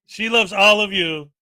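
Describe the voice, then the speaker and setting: Bright, joking livestream host, man. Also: high-pitched, no room sound. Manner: upbeat, joking, reads chat. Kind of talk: casual live chat.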